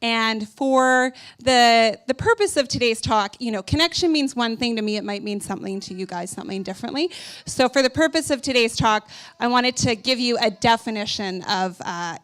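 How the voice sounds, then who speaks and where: A woman in her thirties from Canada giving a casual, chatty conference talk about her own life, full of "like" and "you know". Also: a little high. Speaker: conference speaker. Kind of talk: personal storytelling talk.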